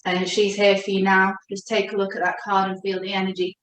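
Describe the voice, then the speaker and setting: Gentle woman reading chakras. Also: medium pitch, monotone, a little hiss or hum. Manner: gentle, reassuring, speaks slowly when addressing her guide. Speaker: oracle card reader and coach. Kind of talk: spiritual chakra reading session. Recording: echoey room.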